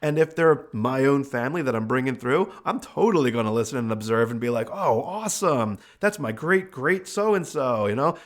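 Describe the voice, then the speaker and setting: A male host and medium tells a family story in a loose, conversational way. His voice sits at a middle pitch, and he fills his pauses with casual asides. It sounds like easygoing podcast talk. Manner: relaxed, chatty, with fillers like uh and you know.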